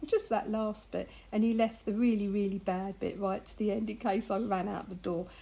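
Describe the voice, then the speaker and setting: A woman's voice: mid-range voice, fairly even intonation, moderate pace, creaky, mellow, husky, low-quality recording. An older woman, chatting casually and laughing as she tells a story while colouring.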